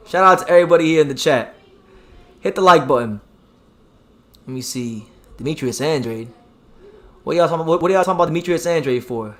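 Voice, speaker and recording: A man hosting a live boxing stream, talking excitably, repeating himself and reading out the chat. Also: fairly high pitch. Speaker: boxing channel host.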